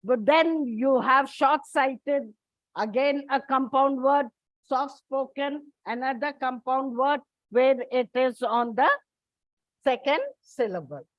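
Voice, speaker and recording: Here a woman with a high voice explains English stress rules to her class step by step, slowly and deliberately, referring to her students as children. It's a dull, lo-fi, dry recording.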